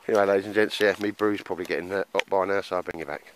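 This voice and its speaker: A man's voice: deep voice, steady tone, very fast, noisy background. A man chatting casually to camera at an outdoor woodland camp, laughing often and calling people mate. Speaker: bushcraft vlogger.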